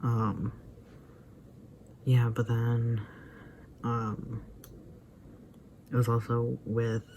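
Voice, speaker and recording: A man's voice: mid-range voice, monotone, drawn-out words, warm tone, slight background noise. A man giving casual, rambling commentary on a video he watched, with lots of fillers and asides that drop almost to a whisper. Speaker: vlogger reacting to a video.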